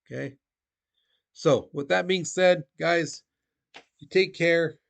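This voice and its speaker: A man's voice: on the high side, takes it slowly, vocal fry, fairly bright tone. A man teaching a recorded history lesson to his students, casual and conversational, often checking in with "okay?".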